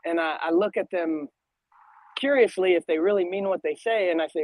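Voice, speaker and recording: A man's voice: high voice, brisk, a little mellow, no room sound, low-quality recording. A man in reflective casual conversation, thoughtful, often stammering on the first word of a phrase.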